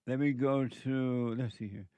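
A man's voice: mid-range voice, steady tone, unhurried, mellow, clean tone, no echo. A man hosting call-in talk radio who preaches emphatically and repeats his points for effect. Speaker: radio talk show host.

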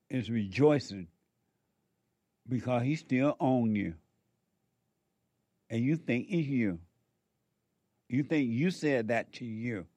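A man's voice: mid-range voice, a little mellow, no room sound. A man preaching a sermon, exhorting and repeating his points while speaking straight to the listeners. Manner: repetitive, exhorting, addresses listeners directly.

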